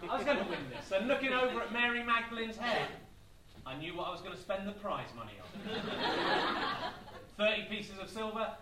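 High-voiced stand-up comic. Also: male voice. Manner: deadpan, absurd storytelling with asides. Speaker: stand-up comedian. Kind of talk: live stand-up storytelling. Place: comedy venue with live audience. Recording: echoey club, distant mic, audience.

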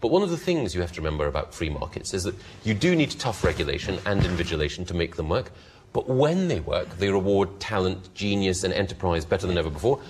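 A man's voice: deep voice, very animated, quick pace, a little hiss or hum. A man, a politician on a discussion panel, answering affably with laughing restarts. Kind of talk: panel debate.

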